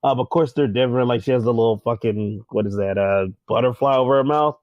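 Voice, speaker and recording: A man's voice: mid-range voice, quick pace, no room sound, highs cut off. A man co-hosting a podcast in casual chat, rambling, joking and swearing. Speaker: podcast co-host.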